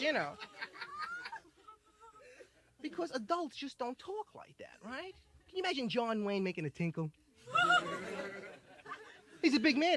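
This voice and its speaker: This is a young man doing stand-up, riffing loosely with constant "you know"s. His voice is high and animated. The sound comes from an old, noisy vinyl record. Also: normal speed, pauses often. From United States. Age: 20s. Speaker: stand-up comedian. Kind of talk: stand-up comedy. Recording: noisy vintage vinyl album.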